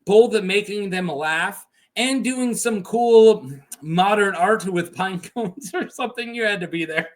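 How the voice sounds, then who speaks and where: A man with a notably high voice hosts a casual lore video. He talks in an animated, chatty way and often breaks into laughter. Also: unhurried.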